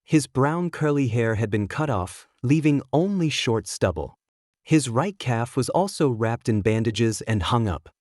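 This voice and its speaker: A man giving a steady, measured first-person narration of a scripted story. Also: mid-range voice, no room sound, clean studio sound.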